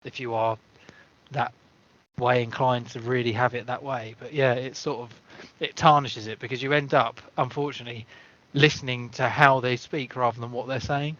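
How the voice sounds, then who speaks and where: A man's voice: medium pitch, steady tone, moderate pace, bright, forceful tone. A man co-hosting a casual film review podcast, agreeable and easygoing, with some swearing. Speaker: podcast co-host. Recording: dull lo-fi podcast audio.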